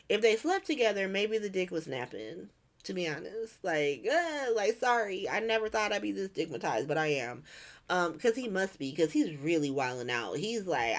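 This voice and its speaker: Animated woman doing a casual recap. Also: medium pitch. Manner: animated, profane, acts out every character. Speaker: host. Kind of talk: casual soap opera recap.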